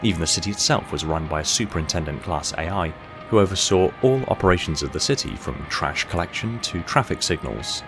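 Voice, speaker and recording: A man narrating an audiobook short story in a steady, measured storytelling manner. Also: deep voice.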